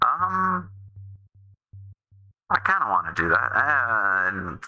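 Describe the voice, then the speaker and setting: A man's voice: medium pitch, sing-song, extremely slow, pushed and bright, lo-fi sound, faint music behind. A man streaming a game, chatting casually in a rambling way that keeps restarting and trailing off. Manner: rambling, self-interrupting, restarts often.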